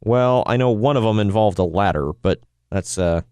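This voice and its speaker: A man's voice: on the low side, moderate pace, darkish tone, clean tone, no room sound, studio quality. A man co-hosting a podcast in casual chat, jokey and teasing, laughing often. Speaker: podcast co-host.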